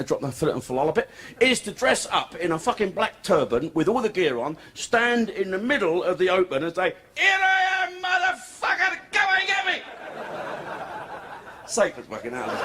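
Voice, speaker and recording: Foul-mouthed comedian, lively pitch. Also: male voice. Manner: crude, profane, swearing constantly. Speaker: stand-up comedian. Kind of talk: stand-up comedy set. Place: comedy club. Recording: noisy club recording.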